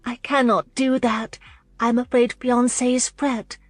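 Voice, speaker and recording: A woman narrator voicing an anxious young noblewoman who speaks softly and hesitantly. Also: a little high, level tone, slow, no echo, soft background music, pitched above the performer's own voice. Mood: fretting. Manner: soft, hesitant, fretting. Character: anxious young noblewoman fiancée, timid and eager.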